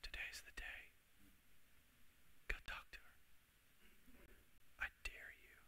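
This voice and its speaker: A preacher whispering as the Holy Spirit, a coaxing, daring inner voice, in a whispered role-play. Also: male voice, slow, sharp tone. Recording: long hall reverb.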